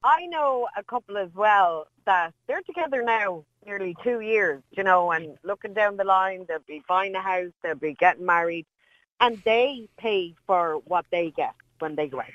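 A woman's voice: medium pitch, lively intonation, moderate pace, a bit bright, no room sound, dull audio. Frank woman co-host, dry sound. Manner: frank, chatty. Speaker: radio co-host.

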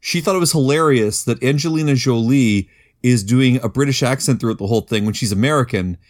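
A man co-hosting a casual movie review podcast, recapping scenes in a relaxed way with dry asides. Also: medium pitch, a little fast. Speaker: podcast co-host.

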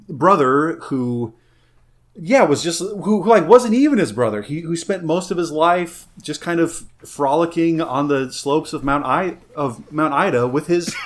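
A man co-hosting a podcast, agreeing readily and chatting casually. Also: on the high side. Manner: agreeable, affirming. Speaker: podcast co-host. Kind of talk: casual chat.

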